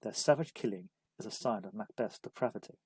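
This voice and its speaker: A man giving a measured, scripted narration of a literature study guide. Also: lowish voice, a little mellow, husky, no echo, poor audio. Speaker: literature explainer.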